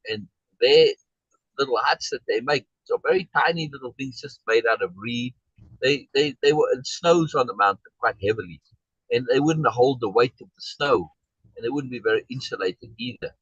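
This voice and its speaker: Rambling man with a husky voice. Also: medium pitch, fairly bright tone, no echo, muffled recording. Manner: rambling, with many restarts and tag questions like "right?"; acts out quoted exchanges in a raised voice. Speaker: discussion group leader. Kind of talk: casual storytelling in a group discussion.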